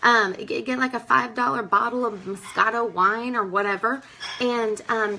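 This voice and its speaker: Young woman, bright voice, chatty, emphatic, casual sales coaching. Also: a little high, fairly even intonation, normal speed, vocal fry, slight background noise, rough recording. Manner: chatty, emphatic, calls listeners "girl"; acts out customers in quoted voices. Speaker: direct sales team leader. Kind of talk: casual training talk.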